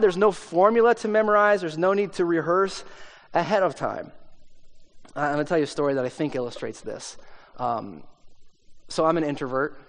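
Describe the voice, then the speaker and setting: A man's voice: a little high, a bit bright. A man, a pastor, telling a self-deprecating story in a conversational sermon, with plenty of fillers. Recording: long hall reverb.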